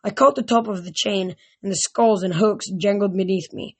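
A woman with a voice of middling pitch reads a novel aloud. She stumbles over words now and then and starts over. She raises her voice when characters shout. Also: normal speed, husky. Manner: reads aloud with frequent slips and restarts. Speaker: reader. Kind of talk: amateur audiobook reading.

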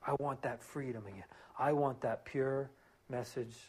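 A man preaching a sermon as pastor, earnest and emphatic, driving points home with repeated phrases and easing into a quiet prayer. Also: mid-range voice, fairly even intonation, moderate pace, breathy edge.

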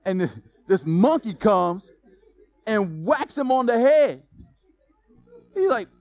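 A man preaching a sermon, telling a story in a lively, casual way with slang. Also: high voice, slow, dry recording. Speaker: pastor.

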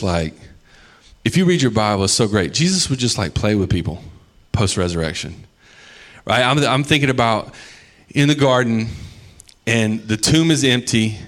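A man preaching a sermon in a casual, conversational way, acting out the people in the stories he tells. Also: on the low side. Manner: conversational, animated storytelling with acted-out quotes. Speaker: pastor.

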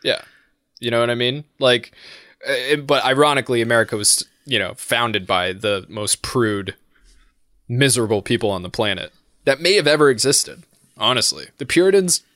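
A man's voice: mid-range voice, normal speed, bright, forceful tone, no room sound, studio quality. A man chatting casually on a podcast, telling stories in a rambling, profane way with lots of fillers. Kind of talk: casual chat.

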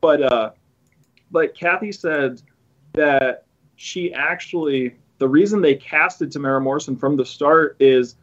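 A man hosts a podcast in a slightly high, slightly slow voice, and the audio is lo-fi. His casual chat rambles along with many restarts and sarcastic asides.

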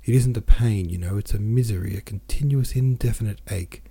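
A man's voice: fairly low pitch, brisk, vocal fry, warm tone, slightly rough. A man voicing an anxious, self-pitying middle-aged merchant who rambles in a plaintive, restless way, in an audiobook reading. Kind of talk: audiobook character voice.

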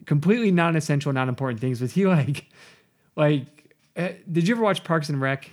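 Animated, rambling man in a Bible chat. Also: on the high side, fairly quick. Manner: rambling and animated, full of fillers, acts out voices. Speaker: podcast co-host. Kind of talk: casual Bible study chat.

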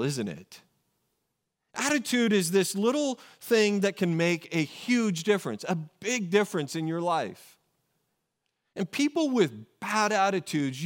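A man preaching a sermon in a conversational way, often asking rhetorical questions and correcting himself. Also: high-pitched. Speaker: pastor.

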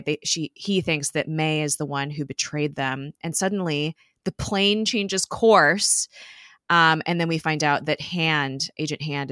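A woman's voice: low-pitched, a bit bright, no room sound, studio quality. A young woman co-hosting a podcast, recapping a TV episode in casual chat, swearing now and then and acting out the characters' lines.

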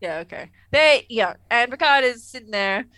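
A woman's voice: a little high, lively intonation, moderate pace, bright, forceful tone, clear, resonant tone, no room sound. A young woman chatting casually as a podcast co-host, laughing and trailing off mid-sentence. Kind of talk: casual chat recapping a TV episode.

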